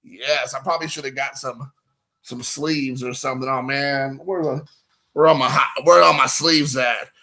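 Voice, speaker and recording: Man in his 40s, loose jokey card stream host, bright sharp voice w/ gravel. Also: mid-range voice, fairly even intonation, moderate pace. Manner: joking, rambling, talks to chat viewers. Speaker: card-collecting show host. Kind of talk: casual live-stream chat, opening card packs.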